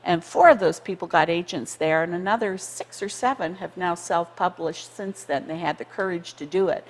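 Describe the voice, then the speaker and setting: A woman in her sixties or older from Canada, a conference co-founder telling stories in an animated TV interview and acting out quoted voices. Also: on the low side, moderate pace, big-room sound, slight background noise. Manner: lively, acts out quoted voices, laughs often. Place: community TV studio.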